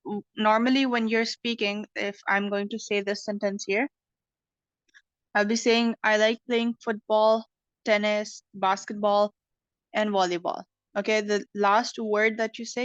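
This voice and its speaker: Woman English teacher, online class, calm and explanatory, muffled dry audio. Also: mid-range voice, no echo. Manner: patient, explanatory, frequent "okay" checks.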